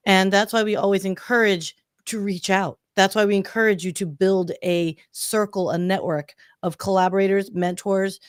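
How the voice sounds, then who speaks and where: A woman's voice: medium pitch, fairly even intonation, normal speed, few pauses, clear, resonant tone, no room sound, clean studio sound. A woman hosting an interview, enthusiastic and encouraging, speaking straight to her audience. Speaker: host.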